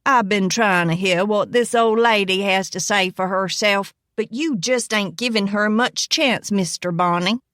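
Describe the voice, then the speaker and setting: A woman voicing a slow, drawling male sheriff who speaks with reluctant politeness. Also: mid-range voice, a bit bright, dry recording, studio quality, close to an everyday voice.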